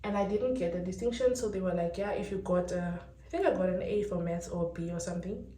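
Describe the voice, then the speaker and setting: A woman's voice: on the low side, quick pace, recorded from a distance. A young Namibian woman with a Namibian accent chatting casually to her vlog camera, mixing English and Afrikaans and laughing often. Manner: chatty and animated, switching between English and Afrikaans with frequent laughs. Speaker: vlogger. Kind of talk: casual chat. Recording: roomy echo, mic set back.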